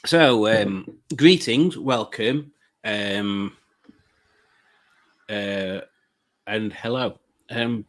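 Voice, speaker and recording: A man's voice: lowish voice, extremely slow, long pauses, fairly bright tone. A man hosting a casual livestream, rambling and hesitant with many fillers and goofy jokes while greeting the chat. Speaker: livestream host.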